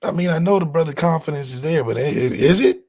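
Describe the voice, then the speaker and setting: A man hosting a casual sports talk show, speaking in a fairly high voice. He is emphatic and animated, using slang as he argues his points. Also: quick pace. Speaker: sports podcast host.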